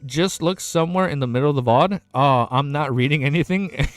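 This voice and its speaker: A young man streaming live and chatting casually with his viewers. He rambles excitedly, swears, laughs often and says he is overwhelmed and lightheaded. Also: fairly high pitch, fairly quick, no echo. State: overexcited and lightheaded. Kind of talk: excited casual livestream chat.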